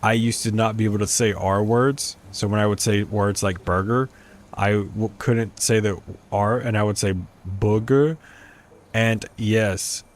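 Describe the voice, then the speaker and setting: This man's voice is on the low side and flat, moving at a moderate pace. Streaming a life-sim game, he gives rambling, casual commentary, musing aloud and stumbling over pronunciations.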